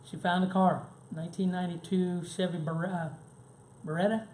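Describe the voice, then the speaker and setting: A man's voice: high-pitched, level tone, normal speed, a little mellow. A man giving a conversational business seminar, telling anecdotes and checking in with the audience with frequent "right?" and "okay?". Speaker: seminar presenter. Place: seminar room. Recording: echoey room with faint background noise.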